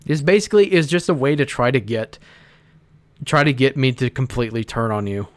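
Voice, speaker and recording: A man hosting an informal commentary. His delivery is rambling and halting, with many restarts and casual swearing. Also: medium pitch. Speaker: host.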